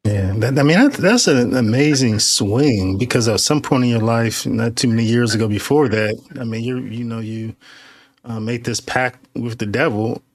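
A man interviewing a guest, asking thoughtful, halting questions full of fillers. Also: mid-range voice, dry recording. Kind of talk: conversational interview.

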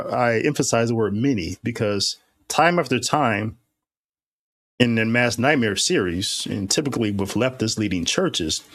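A man's voice: medium pitch, breathy edge, no echo. A man reading the words of the Mass aloud and commenting on them in a critical, casual way. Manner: reads liturgy slowly and deliberately, then comments casually.

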